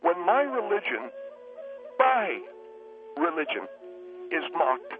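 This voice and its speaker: A man's voice: high voice, sing-song, slow, full character voice. A man doing a touchy, stammering new-age guru on the phone. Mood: touchy, flustered. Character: defensive middle-aged male self-styled spiritual leader. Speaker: guest. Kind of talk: comic radio call-in character. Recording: tinny phone line with flute music.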